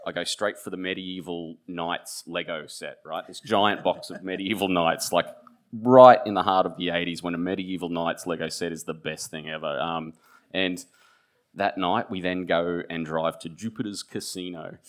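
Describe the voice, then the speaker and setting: Aussie bloke in his 30s, low voice, author reading his book and yarning, lots of ums and restarts. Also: lively intonation. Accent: Australian. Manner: halting storyteller, many restarts and fillers. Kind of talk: author talk with a reading aloud.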